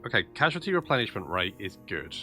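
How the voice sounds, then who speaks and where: A man's voice: lowish voice, very animated, quick pace, pushed and bright, soft background music. A man commentating his own strategy game play, thinking aloud and muttering asides as he goes. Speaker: gameplay commentator.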